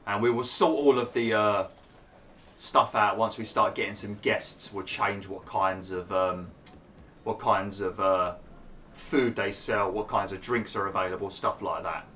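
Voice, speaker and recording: A man hosting a gaming channel, explaining a park-building game step by step with lots of fillers while his voice is going hoarse. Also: fairly low pitch, steady tone, a little slow, pushed and bright, a little hiss or hum. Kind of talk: casual gameplay commentary.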